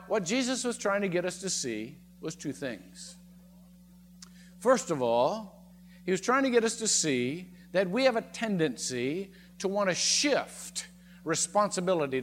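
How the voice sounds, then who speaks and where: A man preaching a sermon as pastor, speaking expressively and swinging his pitch up and down as he makes his points. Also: in a large hall, slight background noise. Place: church sanctuary.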